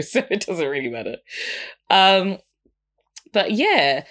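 A woman's voice: medium pitch, very animated, brisk, a bit bright. A young woman hosting a podcast, giving frank, casual music reviews and often laughing between her points. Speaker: podcast host.

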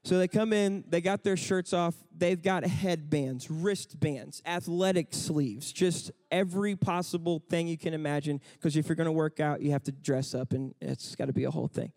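A man in his thirties preaching a sermon, telling a family story and building to impassioned, shouted exhortation. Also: a little high, moderate pace, hardly any pauses.

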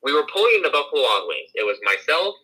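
Husky, bright-voiced young man telling a story. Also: a little high, fast talker, poor audio. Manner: animated storyteller who swears freely. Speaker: podcast co-host. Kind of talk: casual storytelling.

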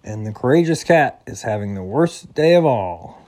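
A man narrating a children's storybook aloud in a slow, expressive way. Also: medium pitch.

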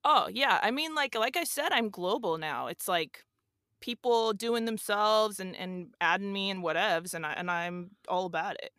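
A woman plays a young male influencer from a wealthy family, laid-back and airheaded, talking in a slangy, rambling drawl. He is a podcast guest in an improvised comedy sketch, and the voice sits at an ordinary pitch. The sound is close and dry. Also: normal speed, fairly bright tone, no room sound, lightly acted.

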